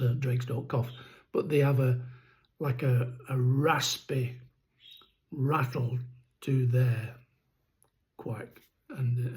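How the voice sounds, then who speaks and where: Here a man with a rattly throat chats about poultry keeping in a casual, meandering vlog, often restarting and saying um. He has a warm, medium-pitched voice, and the recording is low quality.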